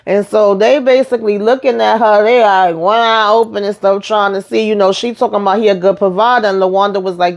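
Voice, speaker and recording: A woman's voice: mid-range voice, quick pace, few pauses. A woman giving a casual, chatty recap of a TV episode, retelling scenes with asides and acting out the lines. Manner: chatty, animated retelling with asides and acted-out quotes. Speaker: recap host.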